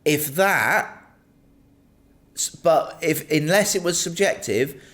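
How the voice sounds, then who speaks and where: A man's voice: a little high, lively intonation, takes it slowly, fairly bright tone. Dry, pedantic man co-host. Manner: dry, pedantic, playfully argumentative. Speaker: podcast co-host. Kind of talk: casual chat.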